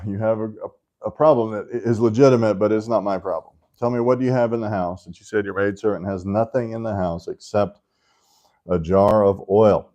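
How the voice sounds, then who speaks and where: A man with a deep, warm voice teaches a Sunday school class in an easygoing, chatty manner. He keeps checking in with his listeners and slips in wry jokes as he goes. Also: brisk. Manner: conversational, often checks in with "right?"; joking asides to the class. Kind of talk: casual Bible class teaching.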